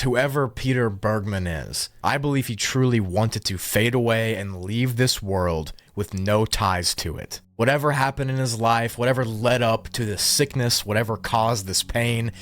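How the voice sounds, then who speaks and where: A man narrating a true-crime video in a measured, reflective scripted style. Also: lowish voice, a bit bright, dry recording.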